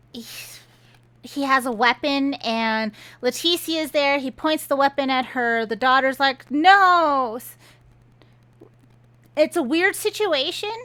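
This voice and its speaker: Exasperated high-voiced woman ranting. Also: fairly bright tone. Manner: exasperated, sarcastic, incredulous. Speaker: book reviewer. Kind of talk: casual ranting book review.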